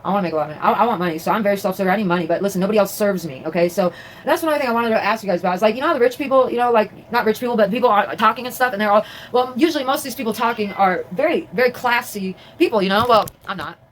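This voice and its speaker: A woman's voice: medium pitch, rapid-fire, slight background noise, rough recording. A woman vlogging casually from her home, chatting in a rambling way with many fillers and restarts. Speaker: vlogger and crafter. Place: at home, indoors.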